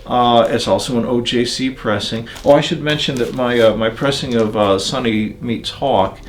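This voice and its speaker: An older man talking about records and turntables in a relaxed, digressive interview, with many pauses and fillers. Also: mid-range voice, slight background noise. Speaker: audio magazine editor.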